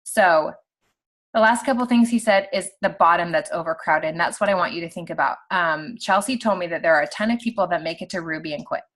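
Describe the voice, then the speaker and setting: Chatty, animated woman leading a team call. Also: lowish voice, fairly quick. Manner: chatty and animated, heavy use of "like". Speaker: team leader on a sales call. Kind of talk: casual motivational talk. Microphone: video call.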